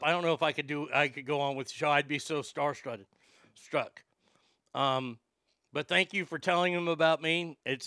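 A man hosting his own podcast, reading listener mail in a profane, excitable, rambling way. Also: a little high, dry recording, clean studio sound. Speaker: podcast host.

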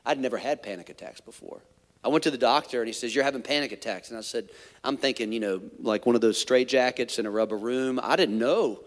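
A man's voice: mid-range voice, fairly quick, in a large hall. A man, a pastor, telling a personal story in a sermon, candid and conversational with many asides.

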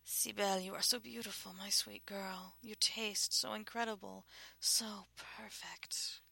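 A woman voicing a sultry, purring female feline demon who speaks in a breathy whisper with bits of French. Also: medium pitch, steady tone, a little slow, pushed and bright, dry recording, full character voice. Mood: tender whisper.

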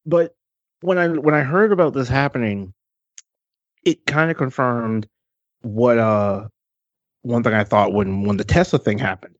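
A man co-hosting a casual wrestling stream, blunt and profane, quick to get excited. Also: mid-range voice, no echo, highs cut off. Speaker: stream co-host.

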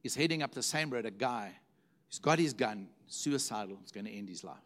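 A man's voice: lowish voice, lively intonation, a little fast, a bit bright. A middle-aged man preaching a sermon, telling stories animatedly and repeating words for emphasis. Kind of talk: sermon storytelling.

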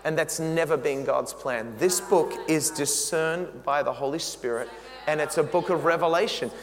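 A man preaching a sermon, emphatic and animated, talking straight to the congregation. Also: fairly high pitch, normal speed. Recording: long reverb in a big hall.

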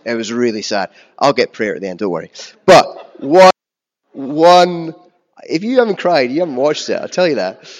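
A man preaches a sermon in a relaxed, conversational way, with fillers, restarts and wry asides about himself. His voice sits at an ordinary pitch. It comes through muffled, with a long echo filling a large hall. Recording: dull sound with long reverb in a hall.

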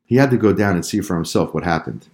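A man narrating a children's story in a calm, measured way. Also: low-pitched.

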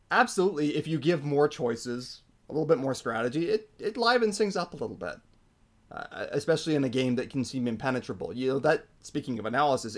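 A man co-hosting a podcast, talking casually and with strong opinions, using lots of fillers. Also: medium pitch. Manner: opinionated, animated, frequent fillers. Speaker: podcast co-host. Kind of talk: casual hockey chat.

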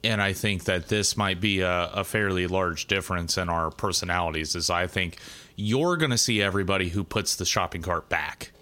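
A man with a deep, bright voice and a forceful tone co-hosts a casual conversation. He speaks earnestly but haltingly, restarting often and repeating words.

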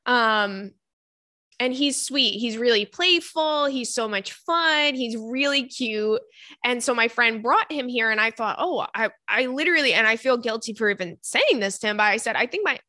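A woman's voice: a little high, lively intonation, moderate pace, sharp tone, no echo, clean studio sound. A young adult woman hosting a podcast, chatting casually and animatedly, with casual swearing. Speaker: podcast host. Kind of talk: casual chat.

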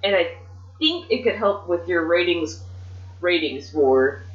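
A woman hosting a podcast, talking casually and excitedly about booking wrestling matches, swearing freely. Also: fairly low pitch, unhurried. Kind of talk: casual chat. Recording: muffled, echoey room.

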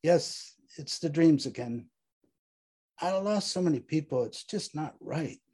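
A man's voice: fairly high pitch, expressive, dark tone, breathy edge, voice pushed up. Man playing a despairing young soldier. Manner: halting, despairing. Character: broken, guilt-ridden young soldier, despairing.

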